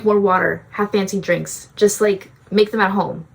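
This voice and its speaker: A woman's voice: mid-range voice, fairly even intonation, normal speed, creaky. A young woman vlogging self-help advice in a casual, breezy way, often saying "like". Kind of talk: self-help vlog talk.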